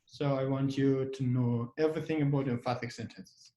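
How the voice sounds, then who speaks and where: Halting man teaching grammar, echoey. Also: medium pitch, steady tone, dark tone. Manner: halting, many fillers and restarts, repeats examples. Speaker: English teacher. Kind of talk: online grammar lesson.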